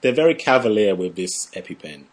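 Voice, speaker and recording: Male podcast co-host, deep husky voice, dry sarcasm, relaxed chat. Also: a little fast. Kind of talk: casual film breakdown chat.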